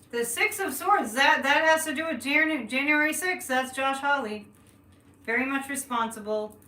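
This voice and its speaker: A woman's voice: high voice, a little slow, pauses often, bright, forceful tone. A woman from the Boston area with a light Boston accent, reading cards on a live stream and chatting with viewers, laughing often and thinking aloud. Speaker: psychic reading cards on a livestream. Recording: echoey room, distant mic, faint noise.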